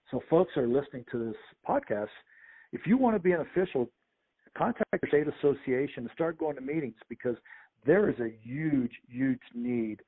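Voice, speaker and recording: A man, a sports official and podcast guest, telling lively anecdotes and acting out the people in them. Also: mid-range voice, husky. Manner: animated anecdotes with quoted voices. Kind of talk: storytelling interview. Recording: phone-like narrow audio.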